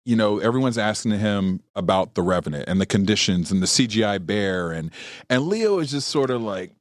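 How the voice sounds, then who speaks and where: Male journalist guest, low voice, animated anecdote teller, dry studio sound. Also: a little fast, dry recording. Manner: animated storyteller who acts out what people said. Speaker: entertainment journalist, podcast guest. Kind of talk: storytelling anecdote in a podcast interview.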